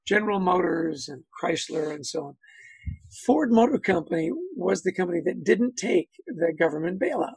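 A man's voice: high voice, expressive, normal speed, gravelly, darkish tone, slightly rough, dry recording, poor audio. A man speaking as a guest on a video-call webinar, telling anecdotes, acting out quotes and saying "you know" often. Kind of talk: conversational webinar talk.

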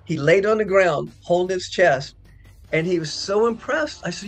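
Gravelly high-voiced man telling stories. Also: normal speed. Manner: acts out quoted dialogue with big pitch jumps. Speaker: actor interviewed about a past film. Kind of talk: animated anecdotal storytelling.

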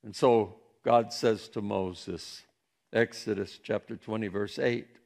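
A male pastor delivers a sermon in a gravelly voice. He preaches slowly and emphatically and swings between hushed and raised passages. He is from central Pennsylvania. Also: fairly low pitch, steady tone.

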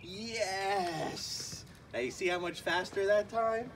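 A male dog trainer talking casually on camera while playing with a puppy, breaking into high, excited praise between calm asides. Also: takes it slowly. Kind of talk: casual training vlog talk. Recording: distant voice with clear background noise.

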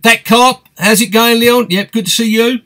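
A man's voice: extremely high pitch, fairly even intonation, normal speed, pushed and bright. A man hosting a live stream, reading out viewer comments and answering them in a chatty, friendly way. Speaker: host of a fishing live stream.

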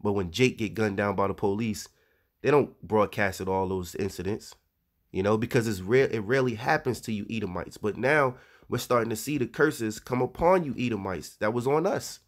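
A religious teacher with a voice on the low side, speaking at normal speed, gives informal scripture teaching in a conversational way. He reads verses aloud and adds frequent asides.

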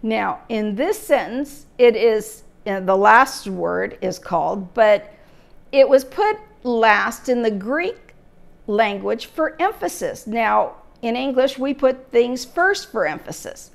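A woman teaching a church Bible lesson, emphatic and steady, asking her listeners rhetorical questions. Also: a little high, slow pace, vocal fry.

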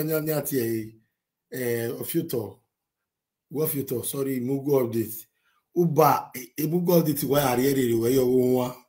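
A man with a Nigerian accent giving casual commentary, animated, laughing often and switching languages. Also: fairly high pitch.

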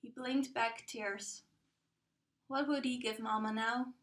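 A woman with a high, light voice reads a children's picture book aloud, gentle and unhurried. Her narration rings out in an echoey room. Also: steady tone. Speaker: storybook reader. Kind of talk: children's storybook read-aloud.

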